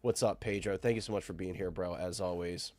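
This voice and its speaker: A man's voice: low-pitched, steady tone, brisk. A sick man hosts a live stream, his voice nasal and stuffed up. He keeps an upbeat, friendly patter as he greets viewers by name. The sound is dry and close, with no room echo. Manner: upbeat, shouting out chat viewers. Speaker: host.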